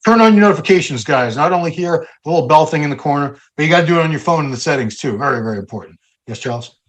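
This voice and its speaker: Brief: American male podcast host, chatty and upbeat, slightly high pitch. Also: lively intonation, racing. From United States. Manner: upbeat, chatty sign-off patter. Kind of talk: casual podcast chat.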